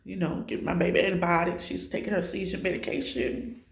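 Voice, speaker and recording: A woman's voice: lowish voice, level tone, fast, vocal fry, echoey room. A woman recounting her child's illness in a personal vlog, raw and distressed, swearing freely as she tells it. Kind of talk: emotional personal vlog storytelling.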